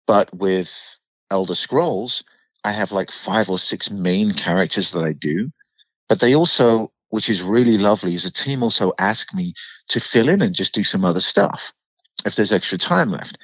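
A man with a mixed British and American accent, chatting as an interview guest and telling animated stories, swearing freely. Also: lowish voice, normal speed, husky, no echo, dull audio. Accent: mixed British and American, mid-Atlantic. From United Kingdom. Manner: animated storyteller, swears freely, acts out quoted voices. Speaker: actor and podcast guest. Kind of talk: casual interview chat.

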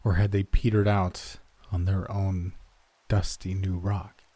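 A man narrating a first-person horror story in a measured, somber way. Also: deep voice, level tone, mellow, no room sound.

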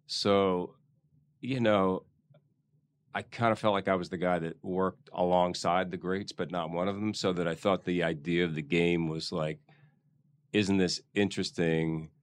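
A man's voice: low voice, flat delivery, moderate pace. A middle-aged man with a Philadelphia accent, chatting as an interview guest who searches thoughtfully for his words. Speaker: guest actor. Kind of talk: casual interview chat.

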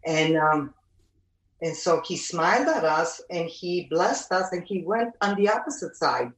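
A middle-aged woman recounts a personal experience in a slightly low voice, pausing and restarting often. She sounds set back from the microphone in a roomy, echoing space. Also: animated, distant mic. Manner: halting, many fillers and restarts. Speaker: storyteller recounting a pilgrimage. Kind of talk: personal testimony. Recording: roomy, from off the mic.

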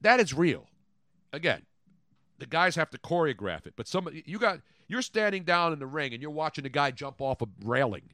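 A man's voice: fairly high pitch, very animated, normal speed, pushed and bright, no echo, clean studio sound. A man hosting a sports podcast in casual chat, blunt and opinionated, cutting in over his co-hosts. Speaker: podcast host.

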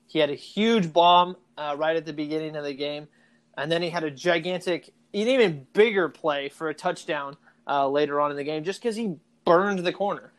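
Chatty football-talk host. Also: mid-range voice. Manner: chatty, animated, argues points at length. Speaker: podcast co-host. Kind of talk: casual sports talk.

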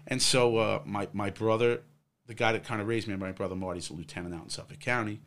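Low-voiced man telling a rambling story. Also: fairly even intonation, fast talker, fairly bright tone. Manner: rambling, acts out others' quotes, many fillers. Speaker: guest, former police officer. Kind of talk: casual storytelling in a conversation.

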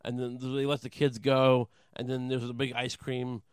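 A man doing a rambling comic monologue, deadpan and crude, halting with many fillers. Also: medium pitch, clear, resonant tone, no room sound, studio quality. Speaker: comedian.

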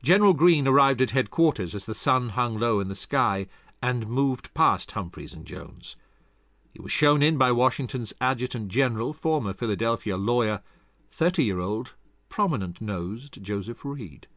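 A man reading a scripted history narration in a dramatic, expressive way into a close studio mic. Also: mid-range voice, moderate pace, dry recording.

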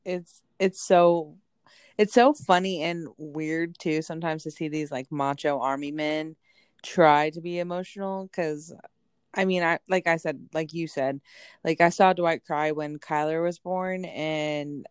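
A woman in her thirties with a low, deep voice, talking in a relaxed, chatty way. She acts out quotes as she goes, and the sound is dry and close. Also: a little slow, clear, resonant tone, dry recording. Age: 30s. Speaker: podcast co-host. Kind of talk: casual chat.

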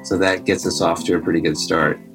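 Male presenter, lowish voice, easygoing commentary between archive song clips, soft guitar underneath. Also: level tone, fairly quick, low-quality recording.

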